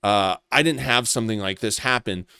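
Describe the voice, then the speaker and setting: A man's voice: lowish voice, normal speed, vocal fry, sharp tone, clean tone, no echo, studio quality. A man delivering a contemptuous, accusatory commentary rant, swearing as he goes. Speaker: commentary vlogger. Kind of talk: ranting commentary.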